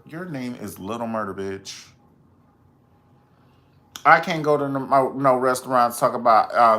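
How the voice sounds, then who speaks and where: A man hosting a casual pop culture commentary, profane and dramatic, breaking into high squeals when he quotes people. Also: sing-song, normal speed, bright, forceful tone. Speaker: host.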